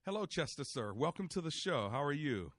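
A man's voice: a little high, very animated, brisk, no room sound. A man hosting a call-in radio ministry show, preaching earnestly and encouraging his callers.

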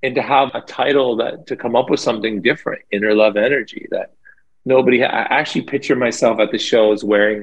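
Gravelly, husky-voiced man. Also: mid-range voice, muffled recording. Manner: enthusiastic, animated storytelling with many fillers. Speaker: lead singer of a band, guest. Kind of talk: casual interview chat.

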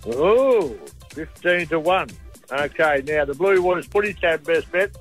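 A man's voice: a little high, lively intonation, a little slow, music in the background. An Australian man giving weekend betting and drinks tips on a radio show in a jovial, blokey way. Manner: jovial, blokey, laughs easily. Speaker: regular betting and drinks tipster. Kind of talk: casual radio segment.

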